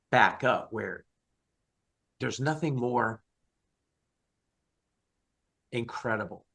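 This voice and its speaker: Fired-up husky man preaching on a call. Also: on the low side. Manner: fired up, emphatic, animated. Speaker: guest, Christian rock singer. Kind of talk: passionate interview talk.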